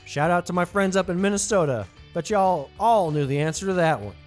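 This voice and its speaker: A man hosts a trivia podcast, reading each question and its options twice and tossing in playful jokes between answers. His pitch rises and falls a lot as he talks. Soft music plays faintly behind him. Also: expressive, brisk. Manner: playful, jokey asides, reads options twice. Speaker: trivia host.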